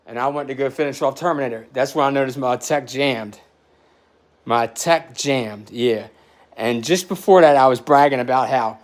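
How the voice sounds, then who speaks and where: A man in his forties telling a story in a podcast chat, animated and profane, getting emotional as he talks. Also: medium pitch, normal speed. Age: 40s.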